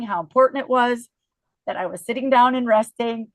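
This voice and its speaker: A middle-aged woman runs a sales team meeting on a video call, sharing a motivational story in a chatty, animated way and repeatedly checking in with "okay?" and "you guys." Her voice is a little high and brisk, and the recording is dry.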